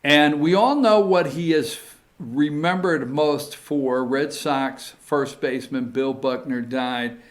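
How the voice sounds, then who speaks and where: A man's voice: a little high, slow. A man hosting a talk show, talking casually in a rambling, emphatic way with sudden emotional outbursts.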